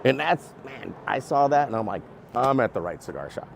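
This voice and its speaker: A man's voice: medium pitch, very animated, brisk, gravelly, slight background noise. A man reviewing cigars and beer, telling a rambling story in casual talk and acting out quotes with laughs.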